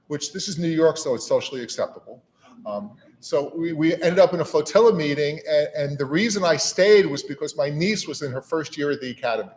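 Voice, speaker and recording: A man's voice: fairly high pitch, animated, brisk. A middle-aged man giving a conversational speech to a room of volunteers. He talks in a folksy, easygoing manner, often repeating words and saying "you know". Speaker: national auxiliary leader giving a speech. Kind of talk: informal speech to a gathering. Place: meeting room with an audience.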